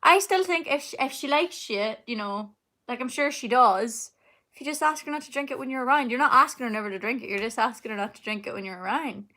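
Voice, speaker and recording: A woman's voice: fairly high pitch, quick pace, bright, forceful tone. A young woman, chatting casually at home while answering comments on a live stream, rambling with lots of fillers and laughs. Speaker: singer hosting a live Q&A. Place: home, indoors.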